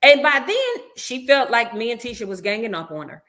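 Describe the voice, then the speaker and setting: A woman's voice: fairly high pitch, sing-song, a little fast, sharp tone. A woman guest in a casual interview, telling a story with animation and acting out what others said. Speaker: reality show cast member guest. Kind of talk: casual interview, recounting events.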